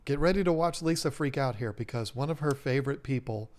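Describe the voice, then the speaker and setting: Joking, excitable man hosting a live stream. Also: medium pitch, fast talker. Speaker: co-host of a fish-keeping live stream. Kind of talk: casual chat, reading viewer messages. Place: fish shop owner's live stream setup.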